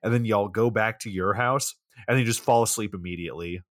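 Laid-back lower-voiced man recapping a movie. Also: fast, no room sound, clean studio sound. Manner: laid-back, recaps scenes and acts out quoted lines. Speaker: podcast co-host. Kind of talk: casual chat recapping a movie.

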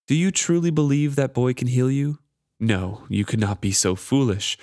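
A man's voice: mid-range voice, darkish tone, dry recording, studio quality, pitched above the performer's own voice, lightly acted. Man putting on a sneering carved wooden charm. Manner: sneering, taunting. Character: mocking male wooden charm, cruel taunter.

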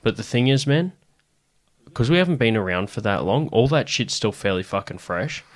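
Animated Australian man telling stories. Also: medium pitch, moderate pace. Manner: swearing, animated storytelling with restarts. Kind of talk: casual chat.

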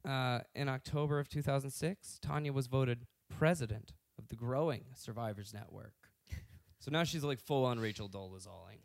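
A man's voice: medium pitch, normal speed, vocal fry. A man hosting a podcast, recounting a story in casual chat with crude asides. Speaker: podcast host telling a story.

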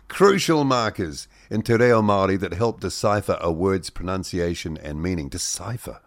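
Dry-voiced New radio host. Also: male voice, lowish voice, lively intonation, moderate pace, few pauses, dry recording. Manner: reads headlines with joking asides and mock voices. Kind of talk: wry news-roundup commentary on radio. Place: radio studio.

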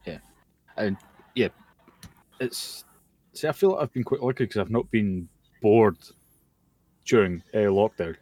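Tired, sweary Scottish man, low voice. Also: animated, a little slow, long pauses, darkish tone, no room sound. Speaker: podcast co-host. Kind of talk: casual chat. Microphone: computer mic over a voice call.

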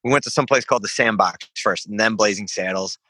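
A man's voice: on the low side, quick pace, bright, forceful tone, slightly rough, no echo. A young man, a veteran guest on a podcast, telling a rambling story with laughs and swearing. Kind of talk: casual storytelling.

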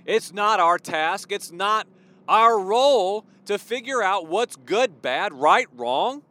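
A man preaching in an animated, emphatic way, his voice rising and falling widely as he drives each point home. He speaks with a slightly higher pitch than most men, repeats his key phrases for weight, and slips into casual fillers between them. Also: slow. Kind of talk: informal devotional sermon.

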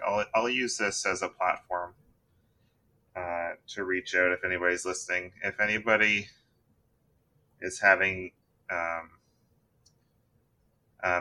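A man with a very low voice that still rings bright and edgy. He hosts a casual gaming chat, talking loosely with plenty of ums and restarts. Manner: relaxed, rambling with fillers. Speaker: podcast host.

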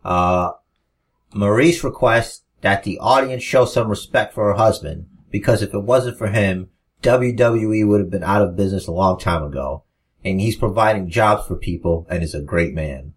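Husky low-ish guy reading wrestling stuff on a podcast, laid back. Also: normal speed. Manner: relaxed, narrating with asides. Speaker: podcast co-host. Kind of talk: casual reading of wrestling storylines.

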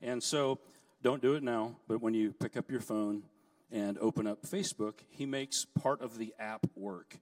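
A middle-aged man preaching a sermon, telling stories in a lively way with joking asides. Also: medium pitch, moderate pace, distant mic. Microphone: handheld mic, set down at times.

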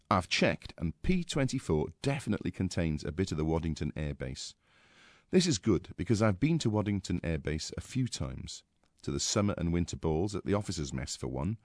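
A man's voice: sits low, darkish tone, dry recording, clean studio sound. A man from England, a regular contributor, reading out a clipped, anecdotal personal piece.

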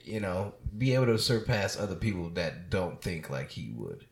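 A man's voice: sits low, very animated, normal speed, a little hiss or hum. A man hosting a podcast in casual chat, loose and joking, who often murmurs along while his guest talks. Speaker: podcast host.

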